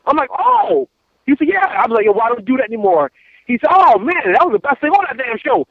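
High-voiced man ranting over a tinny phone. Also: fast, dry recording. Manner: animated storytelling, repetitive, restarts. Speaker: caller. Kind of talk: casual phone call. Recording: tinny phone line, dry.

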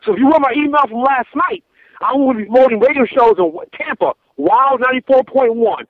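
A man calls in by phone and tells his story in a loose, animated rush, circling back and repeating himself. His voice sits very high for a man. The line is thin and phone-like, with no room sound. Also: a little fast, no room sound. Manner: animated storytelling, repetitive, restarts. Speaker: caller. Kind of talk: casual phone call. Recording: tinny phone line, dry.

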